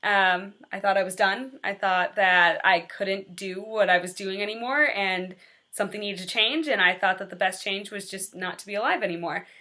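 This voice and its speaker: A woman's voice: mid-range voice, normal speed, pushed and bright. A woman in her twenties, a teacher, talking candidly and earnestly in a personal vlog confession. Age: 20s.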